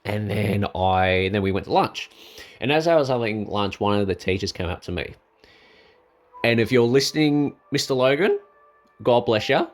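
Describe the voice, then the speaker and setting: Lively low-voiced Australian man telling stories. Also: moderate pace. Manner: animated, acts out dialogue with jumps in pitch; laughs at his own jokes. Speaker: storyteller. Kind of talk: casual personal storytelling.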